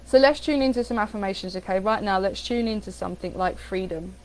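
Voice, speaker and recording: A woman giving a casual coaching talk on affirmations, animated, repeating phrases with different inflection. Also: mid-range voice, quick pace, low-quality recording. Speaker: spiritual coach.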